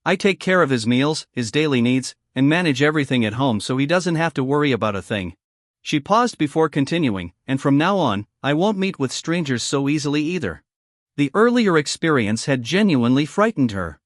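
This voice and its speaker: Man narrating a recap with lively pitch. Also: moderate pace, no echo, studio quality. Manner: reads every character's lines in his own voice. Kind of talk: scripted story narration.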